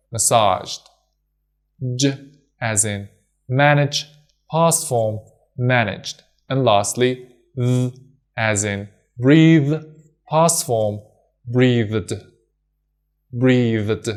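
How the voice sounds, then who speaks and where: A man whose first language is Persian, slowly teaching English pronunciation in a scripted lesson and carefully repeating each example word. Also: mid-range voice, a little mellow. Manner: slow and deliberate, repeating example words.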